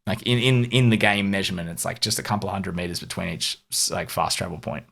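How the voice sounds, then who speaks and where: A man's voice: low-pitched, fast, gravelly, a bit bright, slightly rough. A young Australian man co-hosting a podcast, chatting casually in a rambling, filler-heavy way with frequent laughs. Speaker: podcast co-host. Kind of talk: casual chat.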